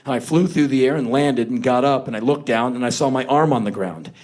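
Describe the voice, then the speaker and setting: A man's voice: mid-range voice, fairly quick, a little mellow, lightly acted. A man voicing a wounded young male soldier who speaks plainly and matter-of-factly. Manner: plain, unbothered, matter-of-fact.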